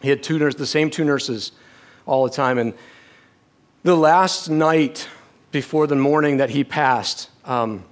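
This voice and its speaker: A middle-aged man preaching a sermon, telling a personal story with halting restarts and dropping to a hush. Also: medium pitch.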